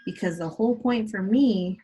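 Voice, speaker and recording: A woman teacher giving a slow, patient, encouraging video lesson to small children, spelling out each step. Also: medium pitch, mellow, slightly rough, poor audio. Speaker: kindergarten teacher.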